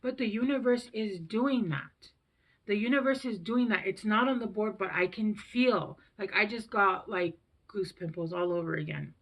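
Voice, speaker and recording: A woman's voice: medium pitch, normal speed, muffled recording. A woman in her thirties giving a casual tarot reading to camera, emotional and rambling, often trailing off and restarting her sentences. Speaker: tarot reader.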